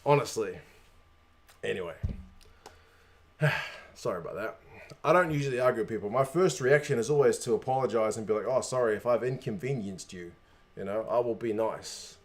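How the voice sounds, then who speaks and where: A man's voice: fairly low pitch, animated, normal speed, long pauses. A man hosting a stream, venting in casual chat with sarcastic asides. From New Zealand. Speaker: stream host.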